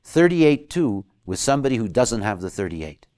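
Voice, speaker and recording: A man giving a lecture, talking in an animated way and acting out quoted voices. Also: fairly low pitch, normal speed. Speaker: lecturer on human design.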